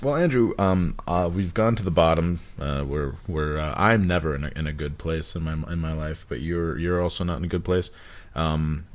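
A man's voice: very deep voice, moderate pace. A man hosting a casual chat, rambling and self-mocking, laughing often. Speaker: podcast host.

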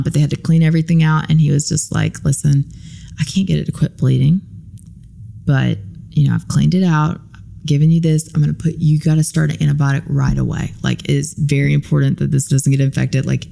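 A woman's voice: low-pitched, a little fast, vocal fry. A woman guest on a podcast, telling a story casually, acting out the lines of people in it, with many ums and likes. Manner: animated retelling, acts out quoted lines.

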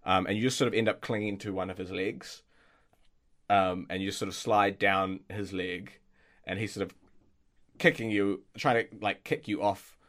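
Game master, male, low voice, halting, full of fillers and restarts. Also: fairly even intonation, fairly bright tone. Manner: hesitant, many fillers and restarts. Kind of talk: narrating a tabletop game.

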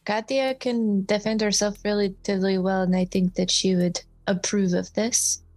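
A woman's voice: medium pitch, fairly even intonation, moderate pace, darkish tone, dry recording. Tentative woman playing a game. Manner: hesitant, tentative. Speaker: player. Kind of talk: casual tabletop play.

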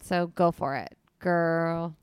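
Podcast host lady, chatty and upbeat, smooth clear voice, dry close sound. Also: lowish voice, steady tone, slow, dry recording. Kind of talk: casual podcast chat.

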